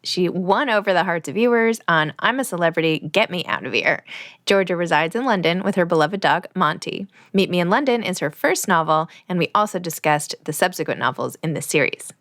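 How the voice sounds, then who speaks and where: A woman's voice: on the low side, expressive, a little fast, fairly bright tone. A woman hosting a podcast interview, enthusiastic and chatty, who often says "like". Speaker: podcast host.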